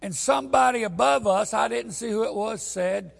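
A man preaching a sermon, telling a story and building to loud, emphatic peaks. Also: high-pitched, moderate pace, gravelly, few pauses, breathy edge.

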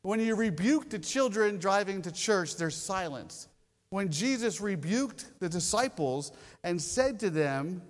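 A high-pitched male pastor delivers a sermon in a storytelling manner. He slows down to lean on key words and then rattles through quick asides. His voice rings out with the long reverb of a church hall. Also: lively intonation. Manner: storytelling, shifting between slow emphasis and quick asides.

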